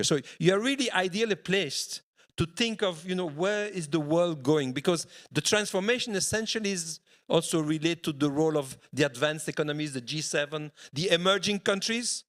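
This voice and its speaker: A middle-aged man moderates a conference panel. His voice sits a touch high, and he speaks in a measured way, stopping on fillers as he goes. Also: fairly bright tone. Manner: measured, pausing with fillers mid-sentence. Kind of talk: introducing a panel guest.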